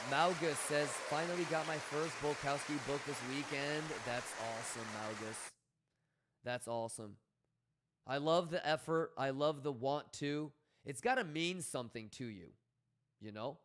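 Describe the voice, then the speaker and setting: A man's voice: mid-range voice, a bit bright. A man hosting a livestream, his voice sitting in an ordinary middle range. He talks to his chat casually but bluntly, swearing freely and pushing viewers like a hard-nosed coach. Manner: blunt, profane, coaching tone, reads chat aloud. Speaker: livestream host.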